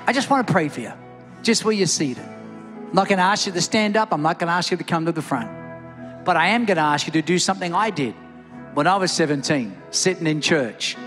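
Middle aged pastor guy, pretty high voice, preaching hard and getting loud, bit of quiet music behind. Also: expressive, fairly quick, big-room sound. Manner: impassioned, builds to near-shouts. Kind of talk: sermon with altar call. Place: church service, also streamed online.

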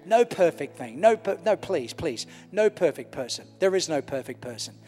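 A man's voice: fairly high pitch, expressive, normal speed, darkish tone. A middle-aged man preaching a sermon as a pastor in a large church, with impassioned delivery and repeated phrases. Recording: echoey hall with faint music.

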